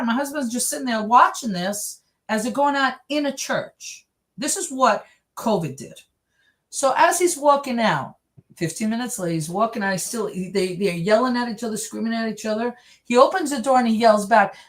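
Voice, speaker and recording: A woman's voice: fairly low pitch, fairly quick. A middle-aged woman from New York telling her story in an interview, animating it with the voices of the people in it. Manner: animated, acts out others' voices in her stories. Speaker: interview guest.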